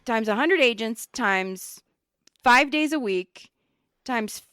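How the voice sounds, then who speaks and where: A woman with a somewhat high voice that swoops up and down as she spins a blunt, foul-mouthed story from work. She talks in a loose, chatty way. The sound is close and dry, with no room echo. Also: takes it slowly. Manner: animated, blunt and profane. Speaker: podcast co-host. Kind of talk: casual storytelling chat.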